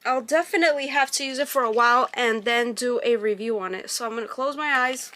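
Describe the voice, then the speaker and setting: A woman's voice: on the high side, brisk, sharp tone. A woman vlogger chatting through a beauty box unboxing, reading product labels aloud and gushing over packaging. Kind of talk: casual unboxing review.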